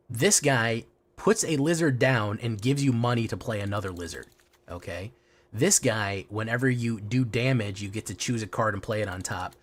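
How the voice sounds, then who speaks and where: A man streaming a card game, chatting casually with his viewers, swearing freely and often restarting his sentences. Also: on the low side. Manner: casual and profane, restarts a lot. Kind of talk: casual livestream chat.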